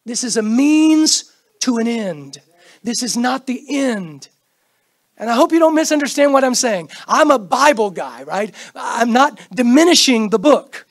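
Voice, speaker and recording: High-voiced, husky preacher man. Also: very animated, measured pace. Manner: preaching with sudden loud bursts and hushed asides; acts out quoted prayers and greetings. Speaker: pastor. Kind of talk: sermon. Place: church sanctuary.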